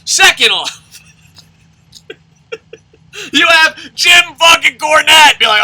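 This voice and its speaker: A man hosting wrestling news, ranting loudly with constant swearing and shouted outbursts. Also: very high-pitched, lively intonation, slow pace, long pauses, rough recording. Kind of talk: profane ranting commentary.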